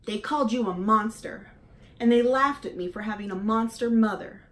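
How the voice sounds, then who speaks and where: A woman's voice: on the high side, normal speed, fairly bright tone, close to an everyday voice. A woman voicing an upset young male gosling who squawks his lines in a whiny, hurt way, reading a storybook aloud.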